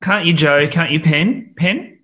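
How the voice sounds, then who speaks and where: A man playing a gushing, scatterbrained theatre director who flatters his cast. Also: on the high side, a little slow.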